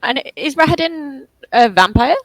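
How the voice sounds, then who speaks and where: A woman playing in an online tabletop game, asking quick questions about the scene. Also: high voice, expressive, no echo, poor audio. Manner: asks quick questions, curious. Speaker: player. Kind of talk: casual game table chat.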